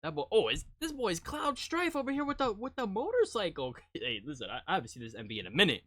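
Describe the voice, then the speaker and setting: A male streamer reacts on a live stream in a loose, casual way, ribbing his audience and breaking into loud laughs. His pitch swings widely and his sound is close and dry, with no room around it. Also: huge pitch swings, fast, no room sound. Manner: teasing and joking, with sudden loud jumps and laughter. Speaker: streamer reacting to music videos.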